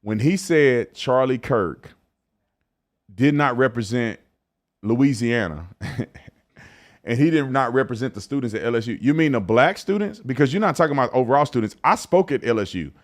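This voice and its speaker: A man hosting a casual commentary show, talking in an animated, slangy way that climbs to excited emphasis. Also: medium pitch, normal speed.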